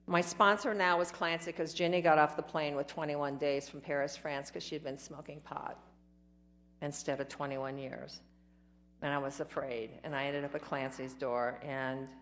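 A woman sharing her personal recovery story at a meeting, rambling and emotional, acting out what others said to her. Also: low voice. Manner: rambling, emotional storytelling that acts out quoted voices.

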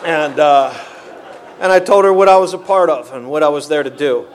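A man telling his recovery story to a meeting in an earnest, animated way. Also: a little high, normal speed, slight background noise. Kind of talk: personal recovery testimony.

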